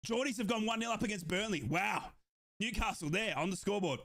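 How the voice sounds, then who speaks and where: A young man from Australia who streams football watchalongs, shouting in delight and calling the play-by-play while out of breath. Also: high-pitched, animated, creaky. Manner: euphoric fan shouting and yelling over goals, then rapid play-by-play. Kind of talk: excited live match commentary for a watchalong stream.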